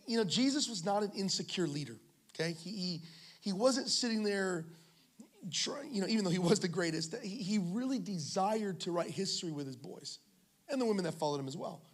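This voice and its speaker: This pastor's voice is high and slightly bright. Holding church in a school venue, he delivers his sermon through humorous anecdotes and playful banter with the people listening.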